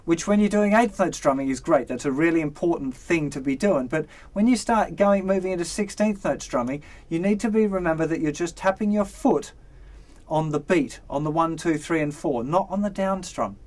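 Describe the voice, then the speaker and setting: A man's voice: fairly high pitch, normal speed. Upbeat man teaching guitar. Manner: relaxed and encouraging, counts beats aloud. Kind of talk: instructional lesson. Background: guitar strumming.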